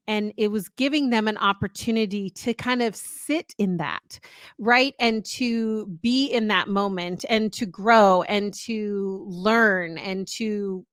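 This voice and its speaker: A woman's voice: medium pitch, fairly bright tone, dry recording. An earnest middle-aged woman tells a long personal story in casual podcast chat. She rambles and restarts her sentences a lot. Her voice is dry and close, with no room sound. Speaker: podcast co-host.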